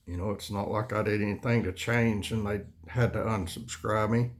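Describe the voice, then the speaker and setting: A man, hosting his own channel in a folksy, rambling, complaining monologue, often coughing and clearing his throat. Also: on the low side, steady tone, moderate pace. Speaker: channel host.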